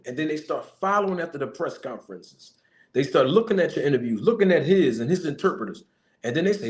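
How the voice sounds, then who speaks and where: A man's voice: on the high side, very animated, a little fast. A man commenting to camera as a boxing manager, giving a young fighter emphatic, repetitive advice and addressing him directly. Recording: echoey room.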